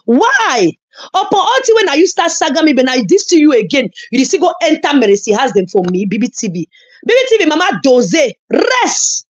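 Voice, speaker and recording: A woman's voice: sits high, very animated, fairly quick, lo-fi sound. A woman with a Nigerian Pidgin accent, scolding and insulting a rival in a heated online rant. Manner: scolding, insulting, loud emphatic outbursts. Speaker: social media commentator.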